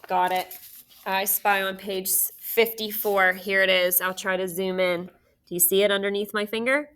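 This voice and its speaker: A woman's voice: medium pitch, flat delivery, normal speed, a bit bright, smooth. A woman teacher giving a recorded phonics lesson to young children, patiently sounding out syllables and asking questions.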